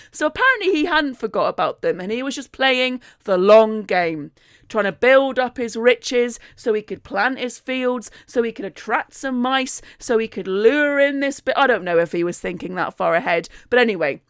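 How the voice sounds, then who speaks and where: A woman's voice: on the high side, lively intonation, normal speed, clear, resonant tone, dry recording, clean studio sound. Chatty woman retelling an old tale. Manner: chatty, joking asides. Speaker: podcast host. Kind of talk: casual storytelling retelling a myth.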